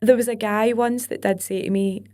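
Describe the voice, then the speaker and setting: A woman's voice: fairly high pitch, fairly even intonation, dark tone. A young Scottish woman with a Glaswegian accent, a country singer chatting casually as a podcast guest and telling stories with local words. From Scotland. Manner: chatty storyteller, quick asides with local words like wee and aye. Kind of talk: casual interview chat.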